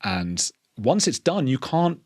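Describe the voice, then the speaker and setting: An English man, a podcast guest, talking in a quick, earnest way and restarting his sentences often. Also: mid-range voice, big pitch swings, dry recording, clean studio sound. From England. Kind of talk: conversational interview.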